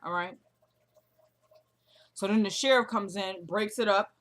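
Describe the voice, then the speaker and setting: A woman's voice: mid-range voice, unhurried, fairly bright tone. Chatty woman recapping a TV episode. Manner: chatty retelling, slangy, acts out dialogue.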